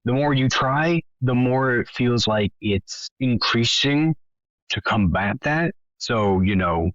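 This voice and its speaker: A man acting as game master, calmly explaining rules and narrating the scene for the players. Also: medium pitch, slow, dry recording. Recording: dull lo-fi mic.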